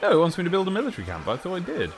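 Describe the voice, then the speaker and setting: A man's voice: high-pitched, wildly swooping pitch, rapid-fire, background noise. A man streaming a strategy game, chatting casually and musing aloud in a rambling, self-mocking way.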